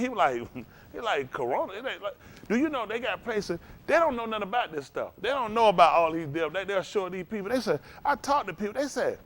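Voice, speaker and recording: Rambling older man preaching folksy sermon. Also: sits high. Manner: folksy, rambling, animated storytelling. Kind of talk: informal sermon.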